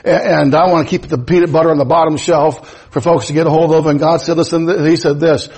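A man's voice: a little high, fairly even intonation, fast, darkish tone, slightly rough, rough recording. A man preaching a sermon in a folksy, emphatic way, mixing scripture with personal stories. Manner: folksy, storytelling, emphatic rises.

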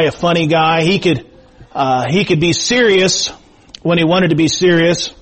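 A middle-aged male pastor preaching a sermon, reading scripture and praying slowly, then telling stories folksily with many fillers. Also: fairly high pitch. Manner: slow, measured scripture reading and prayer; folksy storytelling with frequent fillers. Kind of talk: sermon with prayer and personal storytelling. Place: church sanctuary.

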